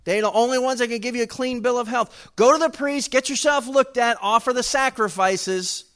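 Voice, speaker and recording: A male pastor, preaching a sermon in a conversational way that rises to loud, emphatic bursts. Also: extremely high pitch, moderate pace.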